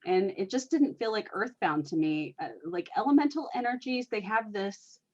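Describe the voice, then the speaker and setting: A woman's voice: mid-range voice, lively intonation, moderate pace, darkish tone. Rambling woman with a muffled, lo-fi sound. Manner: rambling, lots of "you know" and "like". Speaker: energy worker and guest. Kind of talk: casual storytelling conversation.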